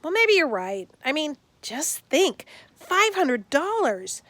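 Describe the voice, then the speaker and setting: A thoughtful young girl who doubts what she hears, read by a woman narrator. She weighs each point with careful questions. The voice sits a little high and sounds close and dry. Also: big pitch swings, unhurried, a bit bright, no room sound, exaggerated voice. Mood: doubtful. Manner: skeptical, questioning. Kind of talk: audiobook character reading.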